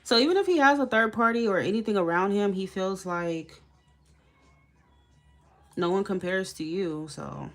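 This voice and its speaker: A woman's voice: medium pitch, expressive, moderate pace, long pauses, a bit bright, soft background music. A woman reading tarot on a live stream, chatting casually with viewers and laughing often. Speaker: tarot reader.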